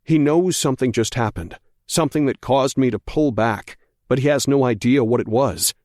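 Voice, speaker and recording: A man narrating a thriller audiobook in the first person, measured and tense. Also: mid-range voice, darkish tone.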